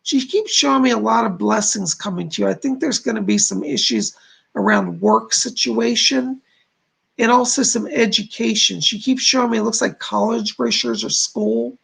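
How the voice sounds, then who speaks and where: A man's voice: sits high, moderate pace, vocal fry, a bit bright, breathy edge. A man hosting a live stream as a psychic medium, chatting with viewers and relaying messages with many "she said" asides.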